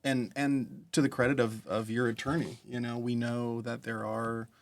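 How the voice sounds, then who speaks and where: A man co-hosting an interview, halting and repeating words as he thinks. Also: mid-range voice, little pitch movement. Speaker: co-host. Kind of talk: casual interview chat.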